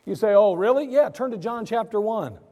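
High-voiced preaching man, echoey church. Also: normal speed. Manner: animated preaching, asks and answers his own questions. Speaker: pastor. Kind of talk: sermon. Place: church sanctuary.

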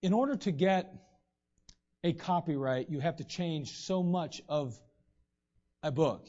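Male preacher, high voice, emphatic and conversational, dull lo-fi recording. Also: a little mellow. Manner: emphatic, slow stressed scripture reading; conversational asides to the congregation. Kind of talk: sermon. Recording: dull lo-fi sound.

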